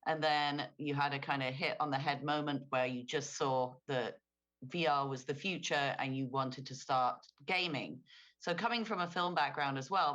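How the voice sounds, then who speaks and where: A woman's voice: extremely low pitch, fairly bright tone, lo-fi sound. A woman moderating a convention panel, asking loosely worded questions with frequent "um"s.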